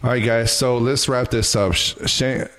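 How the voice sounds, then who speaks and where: A man's voice: mid-range voice, fairly even intonation, moderate pace, fairly bright tone. A man hosting a comedy podcast, joking loosely and crudely and laughing often in casual banter. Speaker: podcast host.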